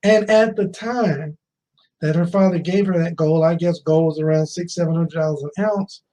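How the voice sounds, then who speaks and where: A man's voice: a little high, normal speed, dark tone, rough recording. A man in his fifties speaking at a conference, telling a personal story, asking the audience questions and repeating key phrases for emphasis. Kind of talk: motivational storytelling speech.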